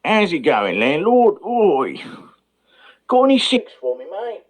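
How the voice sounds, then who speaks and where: A man's voice: high voice, wildly swooping pitch, slow pace, voice pushed up, full character voice. A man putting on a Cockney accent as a cheeky working-class bloke talking pub slang. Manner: brash, pub-talk slang.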